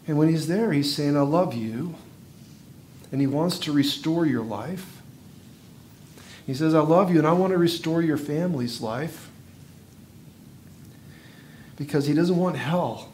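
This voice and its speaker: A male pastor giving a sermon, telling a story vividly and swinging from hushed, slow passages to loud, intense ones. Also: medium pitch, slight background noise.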